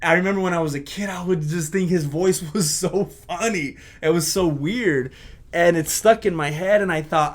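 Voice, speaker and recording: A video creator, a man, looking back on his old videos in casual reflective commentary, candid and self-critical, pausing often. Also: on the high side.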